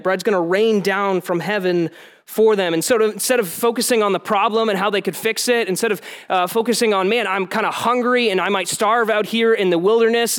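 A man's voice: sits high, smooth. A man preaching a sermon in a plain, conversational way, with relatable asides to the congregation. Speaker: pastor.

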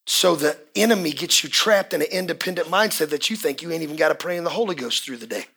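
A man preaching a fiery sermon as pastor at a church service, often shouting and repeating key words. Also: a little high, quick pace, creaky, slightly rough.

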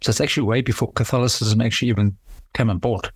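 A man's voice: medium pitch, fairly even intonation, rapid-fire, slightly rough, no echo. A man chatting casually on a podcast, rambling and hesitant with frequent restarts.

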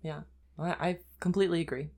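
A woman's voice: low voice, fairly even intonation, quick pace, darkish tone. A woman co-hosting a podcast, agreeable and giggly in casual chat. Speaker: podcast co-host.

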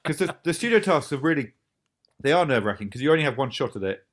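A man, the creator of a show, chatting casually about making it, quick and often laughing. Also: on the high side, very animated. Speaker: show creator talking about his series. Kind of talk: casual podcast chat.

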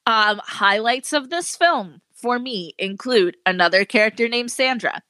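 A woman's voice: on the high side, unhurried, no room sound. A woman co-hosting a horror film podcast, talking casually with a teasing manner and frequent swearing. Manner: teasing, animated, swears freely. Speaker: podcast co-host. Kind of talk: casual chat.

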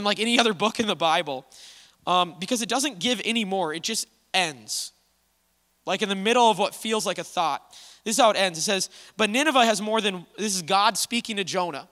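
A male pastor with a high, bright voice delivers a casual, conversational sermon, telling the story with lively energy. His words ring out with a long hall reverb behind them.

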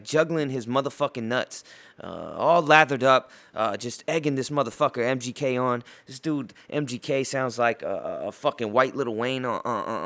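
A man's voice: medium pitch, a bit bright. A man hosting a podcast, ranting crudely with constant stammers and filler words in a mocking gossip style. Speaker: podcast host. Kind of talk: profane gossip rant.

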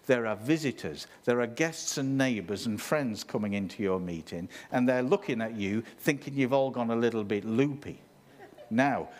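A medium-pitched man preaches with energy and a conversational tone, dropping asides to the congregation along the way.

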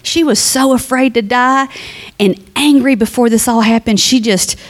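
Woman, funeral eulogy, sermon-like, heartfelt, conversational, speaks to family, fairly high voice. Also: moderate pace. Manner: reads scripture aloud.

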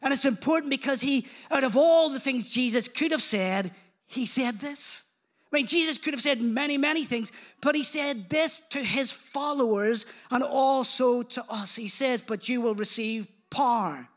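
A man preaching a sermon in church, animated and engaging the congregation, retelling scripture in casual speech. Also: very high-pitched, normal speed. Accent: non-local accent.

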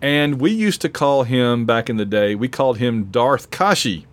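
A man's voice: medium pitch, lively intonation, moderate pace. A man co-hosting a casual podcast chat, a chatty fan who laughs often and is losing his voice. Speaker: podcast co-host.

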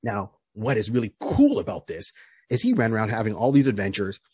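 A man's voice: on the low side, very animated, a little fast, a little mellow, slightly rough, no echo. A man co-hosting a podcast, casually recapping a comic book hero's story, rambling with lots of fillers and restarts. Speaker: podcast co-host.

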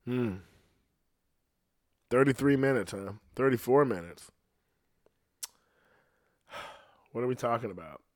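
A man's voice: mid-range voice, animated, slow, pauses often, darkish tone, no room sound. Guy ranting and swearing nonstop, rambly podcast talk, dry close mic. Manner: ranting, profane, rambling with frequent "you know what I mean". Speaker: podcast host. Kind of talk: profane casual monologue.

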